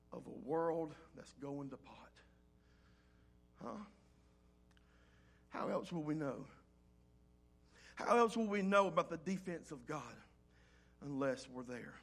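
A man preaching a sermon as pastor, reading scripture aloud and swinging between loud rises and soft, low drops. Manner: reads scripture in old-fashioned wording.

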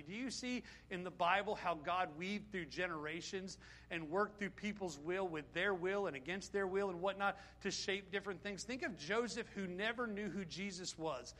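Middle aged guy preaching, high bright voice, keeps asking the crowd questions. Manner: emphatic, rhetorical questions to the congregation. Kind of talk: sermon.

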